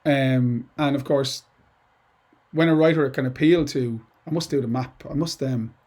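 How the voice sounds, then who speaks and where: This is an English teacher, a middle-aged man, chatting his way through a poetry lesson and often drifting into asides and restarts. His mid-range voice sounds darkish, fairly even in intonation, and a little slow.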